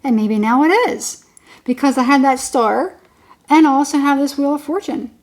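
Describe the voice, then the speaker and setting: A woman with a high, light voice talks through a tarot reading in a loose, casual way. She rambles and circles back to the same points again and again, often laughing. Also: moderate pace, a little mellow. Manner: chatty, rambling, repeats herself, laughs often. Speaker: tarot reader.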